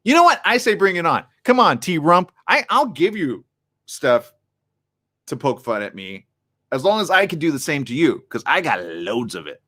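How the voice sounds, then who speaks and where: Male morning host, animated and excitable, riffs hard, reads out chat comments. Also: on the high side, normal speed. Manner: reads viewer comments aloud. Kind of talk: live streamed talk show chat.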